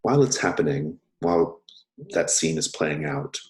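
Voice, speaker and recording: A man narrating as game master of a tabletop horror game, deliberate and descriptive. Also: a bass voice, lively intonation, darkish tone.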